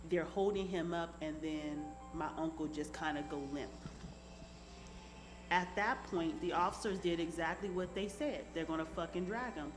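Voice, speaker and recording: A woman, niece of the man she speaks about, recounting events in close detail in an interview, steady and deliberate. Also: fairly low pitch, rough recording. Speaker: family member telling her account.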